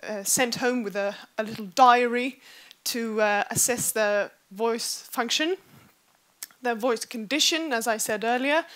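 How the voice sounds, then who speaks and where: A woman's voice: a little high, a bit bright. Woman researcher presenting a talk. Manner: explanatory, with frequent fillers. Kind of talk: conference presentation. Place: lecture hall.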